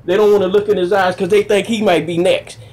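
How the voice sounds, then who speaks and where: A man doing stand-up, telling rough profane stories in an animated way and jumping into loud high exclamations. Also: fast. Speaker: stand-up comedian. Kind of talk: stand-up storytelling.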